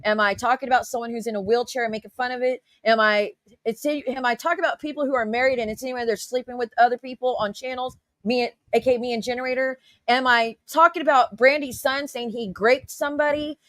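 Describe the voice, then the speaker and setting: A woman's voice: fairly high pitch, steady tone, fast talker, hardly any pauses, a bit bright, no room sound. A woman commentator ranting in her own defense, firing rhetorical questions and swearing. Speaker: YouTube commentator. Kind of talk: heated reaction rant.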